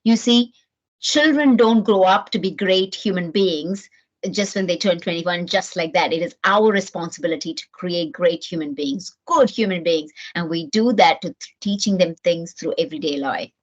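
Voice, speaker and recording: A middle-aged woman from New Zealand gives an earnest, animated parenting talk with frequent restarts. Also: lowish voice, normal speed. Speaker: parenting speaker. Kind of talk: motivational talk to camera. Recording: dull lo-fi sound.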